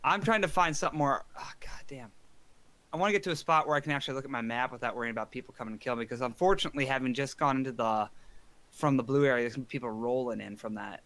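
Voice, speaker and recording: A man's voice: mid-range voice, rapid-fire, a bit bright, no echo. A man co-playing on a game stream, chatting casually with a wry, wordy way of putting things. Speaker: gaming stream co-player.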